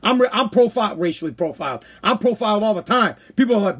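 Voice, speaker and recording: A high-pitched man with a husky, rough edge rants on his own podcast in speech. He is blunt and crude, talking things out in a loose stream and dropping into quick mock voices to make his point. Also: expressive, fairly bright tone. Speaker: podcast host. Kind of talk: ranting commentary.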